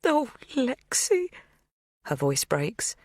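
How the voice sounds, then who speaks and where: A woman voicing a tearful, pleading middle-aged woman in an audiobook, breathy and rushing her words. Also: deep voice, very animated, dry recording, studio quality.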